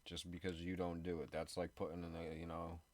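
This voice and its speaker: A man's voice: sits low, completely flat delivery, fairly quick, darkish tone. A man co-hosting a live radio show, talking in a loose, rambling way. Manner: rambling, loose, filler-heavy. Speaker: co-host. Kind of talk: casual live radio chat.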